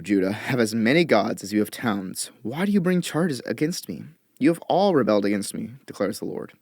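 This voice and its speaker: A man reading scripture aloud in a measured, expressive way, lifting his voice for quoted lines. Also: on the low side, no echo, studio quality. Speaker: Bible reader.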